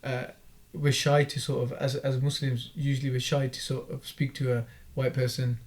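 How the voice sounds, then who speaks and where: A man's voice: medium pitch, level tone, normal speed, darkish tone. A man hosting a podcast in casual chat, reflective and thoughtful. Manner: reflective, answers with short religious interjections.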